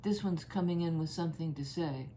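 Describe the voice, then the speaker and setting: A woman giving a casual tarot reading, musing and halting as she thinks aloud over each card. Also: low voice, mellow, slight background noise. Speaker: tarot reader.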